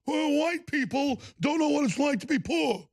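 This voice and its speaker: A man's voice: very high-pitched, normal speed, gravelly, no room sound, clean studio sound, voice pushed up. A Texan man putting on a smug, preppy male politician voice to mock him. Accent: Texas.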